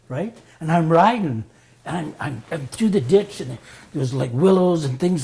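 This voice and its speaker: A man telling a story in a casual spoken way. He gets animated, acts out the voices of the people he quotes, and laughs often. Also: on the high side, normal speed. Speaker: storyteller guest.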